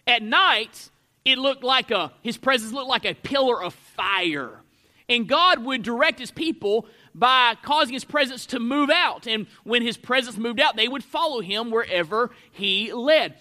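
A man's voice: very high-pitched, animated, unhurried, pushed and bright. A pastor preaching an expository sermon, a man who leans hard on key words and lets his voice swell and drop for emphasis.

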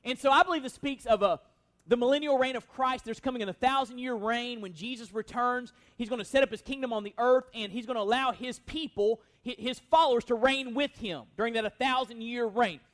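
A man's voice: very high-pitched, a little fast, a bit bright. A man pastor delivering an expository sermon, earnest and emphatic, posing rhetorical questions to the congregation.

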